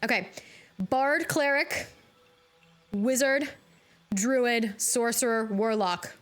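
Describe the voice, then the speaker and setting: A woman streaming a video game live, chatting casually with her viewers, bubbly and quick to laugh. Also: fairly high pitch, soft background music. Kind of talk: casual live-stream chat while gaming.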